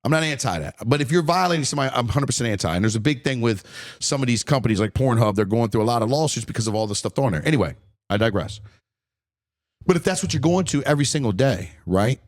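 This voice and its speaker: A man in his forties rants alone on his podcast, blunt and profane, stumbling over repeated words as he gets heated. His voice sits at an ordinary middle pitch. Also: expressive, fast. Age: 40s. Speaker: podcast host. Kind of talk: solo podcast rant.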